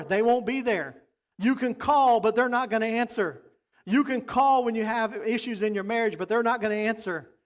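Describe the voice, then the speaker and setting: A man preaching a sermon as pastor, talking emphatically and repeating his points. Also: high-pitched.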